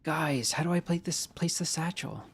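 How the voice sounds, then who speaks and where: A man's voice: fairly high pitch, animated, moderate pace, breathy edge. A man streaming a video game, rambling casually, answering chat, and making jokey asides, with a stuffy nose from allergies. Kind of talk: casual live-stream chat while playing.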